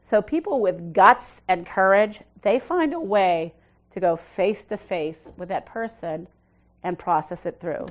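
A middle-aged woman pastor delivers a conversational sermon at a slightly slow pace, moving between emphatic declarations and soft, low asides. Her intonation is lively, and she restarts her sentences frequently.

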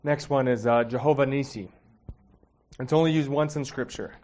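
A man's voice: medium pitch, normal speed, a little mellow. A man giving a casual, heartfelt sermon, talking conversationally with many fillers and getting emotional. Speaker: preacher.

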